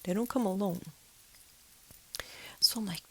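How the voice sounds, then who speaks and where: A woman telling a spooky personal story in a casual, animated way, acting out sounds and slipping into whispers when things get tense. The sound is dry and close, with no room around her voice. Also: a little high, moderate pace, long pauses, dry recording. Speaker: storyteller of a ghostly experience.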